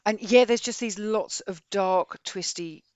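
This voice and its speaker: British woman, mid pitch, blunt chatty book talk, dry close mic. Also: a little slow, no echo. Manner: chatty, blunt and expressive, reads a synopsis aloud. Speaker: podcast co-host. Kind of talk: casual chat about books.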